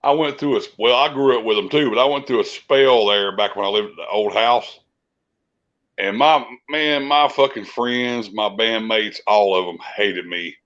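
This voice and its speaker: A man's voice: fairly low pitch, normal speed, a bit bright, lo-fi sound. A man telling rambling, profane stories in a casual chat. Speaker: podcast co-host, musician.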